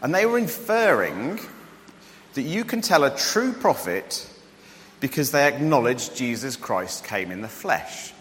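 Male preacher, chatty and joking, lively rising pitch, long church-hall reverb. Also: measured pace. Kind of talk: sermon.

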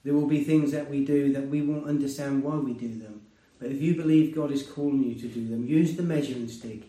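A man preaching a sermon and sharing a personal testimony, earnest and conversational, rising to loud emphasis and dropping to hushed tones. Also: mid-range voice, a little fast. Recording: roomy, distant mic.

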